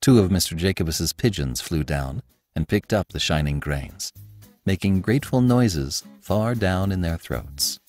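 A man's voice: low-pitched, animated, unhurried, a little mellow, soft background music. A man narrating a classic short story as the host of an audiobook podcast, telling it expressively. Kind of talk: scripted narration.

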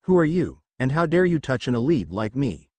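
A man's voice: mid-range voice, very animated, normal speed, warm tone, no room sound. A man voicing an arrogant young male ninja, haughty and snarling.

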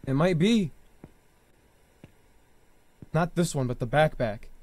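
A young man commentating live gameplay to viewers, reacting loudly and yelling when startled. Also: on the high side, expressive, slow pace, no room sound. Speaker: gaming streamer. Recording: faint music behind voice.

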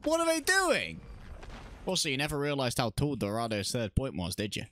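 Animated sarcastic male game commentator. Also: mid-range voice, normal speed, very noisy. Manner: animated, sarcastic, swears and laughs often. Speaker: esports commentator. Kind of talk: comedic game commentary voice-over. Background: background music.

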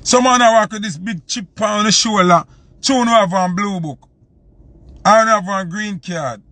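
A man's voice: high voice, normal speed, sharp tone. A man from Jamaica with a Jamaican accent, hosting a live stream and ranting heatedly, repeating his points for emphasis. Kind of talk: live-stream commentary rant.

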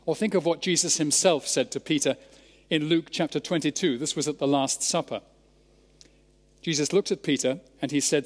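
A Scottish man preaching a sermon, expounding scripture in a measured, emphatic way. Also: on the high side. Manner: measured, emphatic Bible exposition. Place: large church. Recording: church sermon with long reverb.

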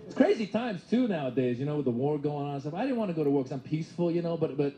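A man's voice: on the high side, expressive, racing, warm tone. A young male stand-up comedian from Iran with a chatty style full of rhetorical asides, performing a set. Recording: live club with audience laughter and noise.

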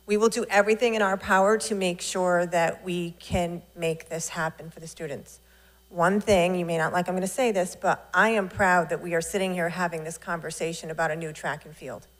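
Woman running a school board meeting, lower voice, measured and reassuring. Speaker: board chair. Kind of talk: chairing a public meeting.

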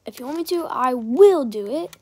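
A young woman chatting over her gameplay in a loose, rambling way, often stopping to remind viewers to like and subscribe. Her voice sits a little high. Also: lively intonation, moderate pace, dark tone, breathy edge, dry recording. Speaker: gaming channel creator. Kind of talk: casual gameplay commentary.

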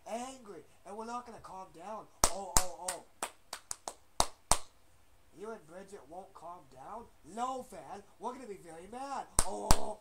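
A man at his computer rambling and scolding his upload buttons and a fan, repeating himself with sudden loud outbursts. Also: high voice, moderate pace, hardly any pauses. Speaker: home video maker. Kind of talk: rambling scolding monologue to objects. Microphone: built-in webcam mic. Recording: loud steady background noise with clicks.

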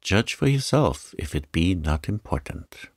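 A man's voice: low-pitched, big pitch swings, unhurried, breathy edge, dry recording, clean studio sound, exaggerated voice. A man reading the part of a grave young prosecutor who speaks with urgent, guarded seriousness. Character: stern male prosecutor, urgent and secretive.

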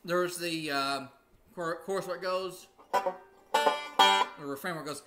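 A man's voice: fairly high pitch, moderate pace, loud music behind the voice. A man teaching casually on a livestream, rambling and often breaking into sung demonstrations. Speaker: music teacher hosting a livestream.

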